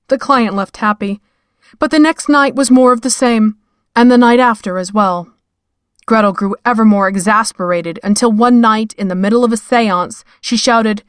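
A woman's voice: a little high, moderate pace, clean tone, no room sound. Woman narrating a story, dry sound. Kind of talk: scripted fiction narration.

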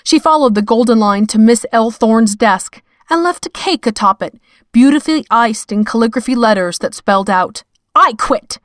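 A woman reading fiction aloud in a measured, wry storytelling manner. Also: on the high side, no room sound, clean studio sound. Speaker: narrator. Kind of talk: scripted fiction narration.

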